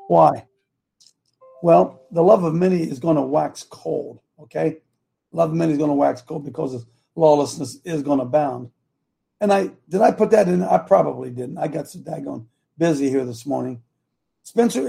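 A man's voice: a little high, vocal fry, dark tone, breathy edge. A man hosting a live talk show, rambling and losing his train of thought as he speaks.

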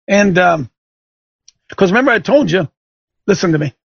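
A middle-aged man hosts his show, telling a homespun story and hammering home a lesson like a preacher. His voice sits high and husky, with a gravelly edge. The sound is dry and a little muffled. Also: expressive, normal speed, no echo. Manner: folksy storytelling, rising to emphatic exhortation. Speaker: show host. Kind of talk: preaching radio monologue. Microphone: studio microphone.

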